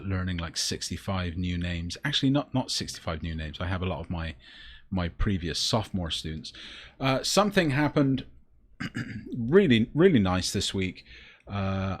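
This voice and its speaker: A man from Bristol, England, a teacher co-hosting a podcast, telling stories in a reflective, casual way. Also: low voice. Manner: storytelling, reflective, with restarts and fillers. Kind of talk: casual chat.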